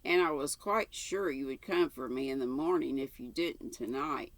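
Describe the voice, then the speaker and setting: A woman's voice: a bass voice, moderate pace, no room sound. An older woman reading aloud and voicing a chatty, imaginative orphan girl in a breathless, eager, rambling way. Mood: eager chatter.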